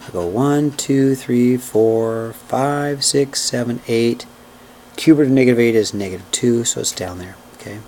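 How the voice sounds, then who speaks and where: A man's voice: mid-range voice, a little slow, a little mellow, slight background noise. A man teaching a math class in a classroom, walking through each step aloud and checking in with "okay?" and "right?". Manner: counts out steps aloud while working. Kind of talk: classroom lecture.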